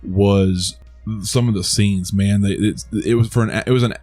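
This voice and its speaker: A man's voice: on the low side, steady tone, normal speed, a little mellow, faint music behind. A man co-hosting a podcast, chatting casually about a movie with a lot of restarts and self-amused laughs. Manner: rambling, many restarts, laughs at his own jokes. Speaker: podcast co-host. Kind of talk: casual movie review chat.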